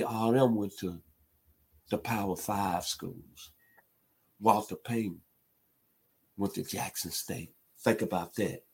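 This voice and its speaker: A man from Memphis delivers an emphatic sports commentary monologue. His voice is husky and sits a little low. He hammers his points home with rising intensity. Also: a little mellow. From Memphis, Tennessee. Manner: emphatic, builds to impassioned outbursts.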